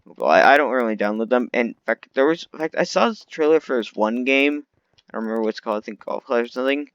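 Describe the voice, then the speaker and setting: A man's voice: medium pitch, expressive, fast talker, fairly bright tone, smooth, no echo, highs cut off. A man delivering an unscripted, rambling rant full of complaints, often restarting his sentences. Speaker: vlogger.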